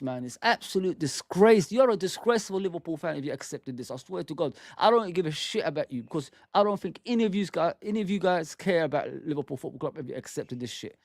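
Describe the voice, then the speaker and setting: A man's voice: on the high side, no echo, studio quality. A man hosting a football fan channel, ranting with heated, exasperated commentary and some swearing.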